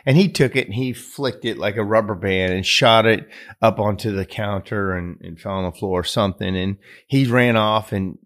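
A low-voiced man hosting his own podcast and telling a personal story. He speaks in an earnest, rambling way, full of fillers and restarts. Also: moderate pace, fairly bright tone. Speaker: podcast host. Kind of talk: casual storytelling monologue.

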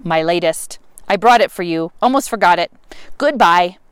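Jovial laughing poet guy, a woman reading him, teasing, loud bursts, smooth dry audiobook sound. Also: fairly low pitch, lively intonation, normal speed, dry recording, lightly acted. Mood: hasty.

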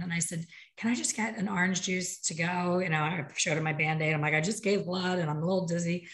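A woman's voice: lowish voice, fast, hardly any pauses. A middle-aged woman hosting an interview, telling stories in a chatty way and acting out the voices of others. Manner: chatty storyteller, animated quoted voices. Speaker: podcast host. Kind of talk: casual interview chat.

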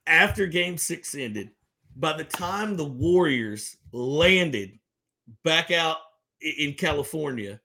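Bright-voiced male podcast co-host. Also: a little high, lively intonation, slow. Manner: anecdotal, laughs while telling. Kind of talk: casual chat.

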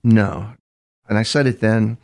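A man's voice: fairly low pitch, steady tone, measured pace, a little mellow. An older man, a criminal profiler guest in an interview, telling stories conversationally with frequent restarts and repeated words. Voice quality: gravelly. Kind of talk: conversational storytelling.

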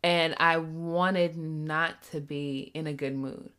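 A woman's voice: sits low, slow pace, clean tone. A woman talking casually about her relationship with her partner, often acting out what he says. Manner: animated, acts out her partner's voice. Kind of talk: casual couples chat.

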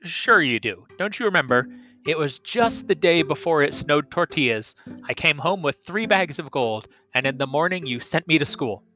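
A man voicing a simple, slow-witted woodcutter who talks plainly and a little bewildered. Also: a little high, lively intonation, sharp tone, faint music behind. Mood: simple-minded.

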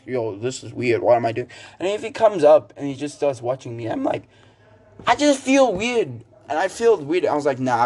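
Rambling teenage guy telling a story. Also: mid-range voice. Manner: rambling, animated storytelling with many "like" fillers. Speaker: student podcaster. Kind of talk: casual solo podcast monologue.

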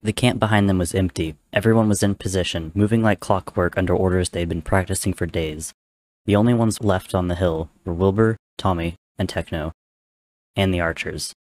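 A man reading a fan-written story aloud, narrating in a steady, measured way. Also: low-pitched, no echo.

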